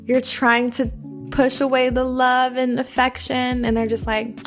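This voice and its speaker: A woman's voice: high-pitched, level tone, unhurried, soft background music. A woman hosting a podcast, giving frank, chatty advice and often checking in with the listener. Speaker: podcast host. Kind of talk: casual advice monologue.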